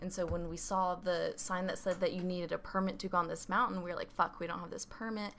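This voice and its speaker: A woman's voice: lowish voice, fairly even intonation, fast talker, creaky, background noise. A young woman co-hosting a casual podcast who tells stories with constant "like" fillers and nervous laughter. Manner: giggly, storytelling, says "like" constantly. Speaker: podcast co-host. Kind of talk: casual chat.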